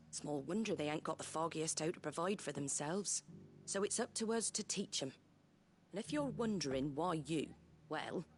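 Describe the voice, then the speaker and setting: A woman's voice: fairly low pitch, slight background noise, lightly acted. An actress voicing a hearty, practical woman rebuilding her village, speaking in a folksy, blunt way in video game dialogue. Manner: folksy and blunt, dropping word endings.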